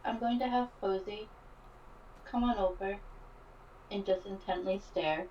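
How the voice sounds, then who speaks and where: A woman playing a tabletop game, describing her character's actions in a drawn-out, playful way. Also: mid-range voice, fairly even intonation, far from the mic, muffled recording, a little hiss or hum. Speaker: player. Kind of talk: casual tabletop role-play.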